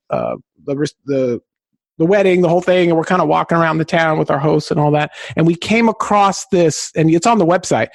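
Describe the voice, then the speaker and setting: A man from Southern California, a podcast guest who tells stories in an excitable, high-energy way. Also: creaky, no room sound. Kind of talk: enthusiastic podcast conversation.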